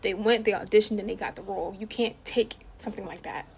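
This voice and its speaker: Brief: woman, gravelly voice, emphatic exasperated rant, faint room noise. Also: mid-range voice, steady tone, quick pace, darkish tone. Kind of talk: casual rant.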